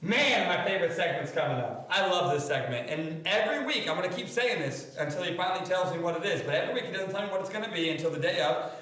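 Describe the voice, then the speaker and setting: A man with a high voice trades crude jokes as a podcast co-host, loose and full of fillers. He sits some way from the mic. The room rings with heavy echo. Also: animated, quick pace, fairly bright tone. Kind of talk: crude comedic podcast banter. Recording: echoey room, distant mic.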